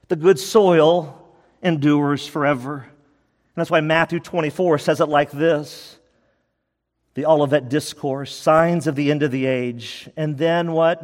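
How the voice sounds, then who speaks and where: A man's voice: fairly high pitch, a little slow. Urgent pleading male pastor in reverberant hall. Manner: urgent, pleading, emphatic repetition. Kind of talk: sermon. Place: church sanctuary. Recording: long reverb of a church hall.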